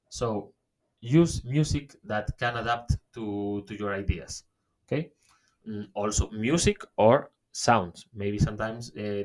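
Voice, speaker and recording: Slow-talking man giving a webinar. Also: on the low side. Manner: halting, many fillers and restarts, says "okay?" often. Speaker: webinar presenter. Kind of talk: online workshop talk.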